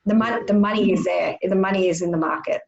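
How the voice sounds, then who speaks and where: Woman chatting about trading, lots of you-knows and restarts, middling pitch, dull muffled audio. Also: fairly even intonation, fast talker, creaky. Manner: chatty, with many fillers and restarts. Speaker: guest trader. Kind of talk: casual chat.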